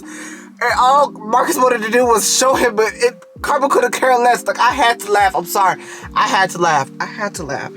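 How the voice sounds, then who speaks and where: A man's voice: very high voice, normal speed, music in the background. A man casually reviewing a TV show in a video, talking straight to the characters and often breaking into giggles.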